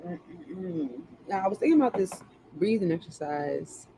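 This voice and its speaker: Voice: mid-range voice, expressive, measured pace, creaky, background noise. A tarot reader in casual live-stream chat, joking and chatty with plenty of slang.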